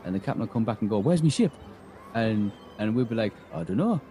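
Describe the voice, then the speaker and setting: A man's voice: on the low side, fast, dark tone, a little hiss or hum, low-quality recording. A man, game master telling an in-character story in a rambling way, acting out quoted lines. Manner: rambling, full of restarts and acted-out quotes.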